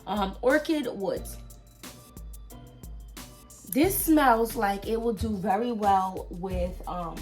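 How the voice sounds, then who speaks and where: A woman's voice: mid-range voice, takes it slowly, pauses often, faint music behind. A woman with an American accent, chatting to camera about scents she has bought and talking straight to her viewers. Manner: chatty, animated, talks to viewers directly. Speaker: fragrance vlogger. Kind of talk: casual haul review to camera.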